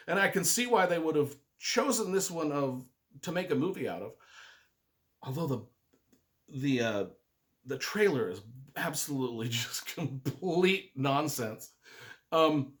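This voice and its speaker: A man's voice: on the high side, a bit bright. A man giving a casual spoken book review, retelling the plot in a chatty, enthusiastic way. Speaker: book reviewer and writing adviser.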